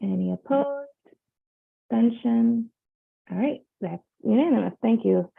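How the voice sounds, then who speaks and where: Lady chairing a board meeting, gravelly voice, tinny phone-ish sound, lots of ums. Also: on the high side. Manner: measured, with frequent fillers.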